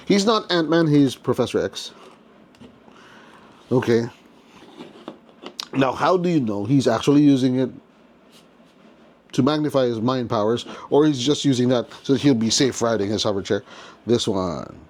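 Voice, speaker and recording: A man's voice: medium pitch, animated, measured pace, pauses often, darkish tone. A man hosting a casual toy unboxing, chatty and playful with jokes as he goes. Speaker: toy collector host.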